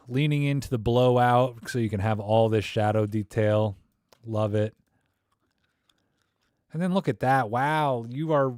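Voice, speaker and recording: A man's voice: mid-range voice, a little mellow, no room sound. Joking man in a dry close room. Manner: joking, rambling, thinks aloud with many fillers. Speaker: livestream host critiquing viewer photos. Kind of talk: casual live-stream chat.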